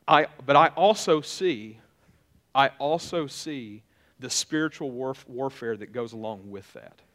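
A man's voice: mid-range voice, fairly bright tone. A middle-aged male pastor giving a conversational sermon, often repeating and restarting his phrases.

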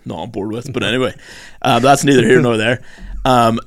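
Sweary, animated man. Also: medium pitch, a little fast. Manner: swears a lot, animated storytelling. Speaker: podcast host. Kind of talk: casual chat.

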